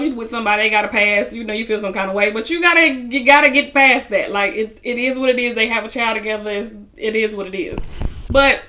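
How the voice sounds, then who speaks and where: A woman's voice: a little high, pushed and bright. A woman chatting casually as she recaps a reality TV episode, acting out what people said with lots of "you know.". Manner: chatty, retells scenes in quoted voices, many fillers.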